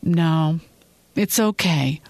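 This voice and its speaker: A woman's voice: on the low side, moderate pace, no room sound, voice pushed up, lightly acted. A woman voicing an adult husband, anxious and pushy by turns, in a fiction reading. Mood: tender. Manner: pleading, then stern. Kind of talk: audiobook-style fiction reading.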